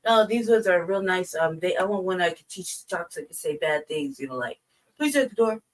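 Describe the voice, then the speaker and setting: A woman chatting casually on a podcast, telling animated, profane stories and laughing often. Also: lowish voice, moderate pace, recorded from a distance, poor audio. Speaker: podcast co-host. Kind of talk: casual storytelling chat.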